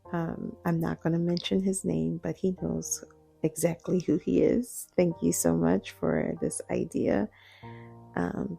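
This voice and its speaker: Female podcast host, 40s: hushed, reflective late-night talk, dark mellow tone, unhurried. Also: lowish voice, gravelly, husky. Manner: hushed, half-whispering, slow and reflective. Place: home at night.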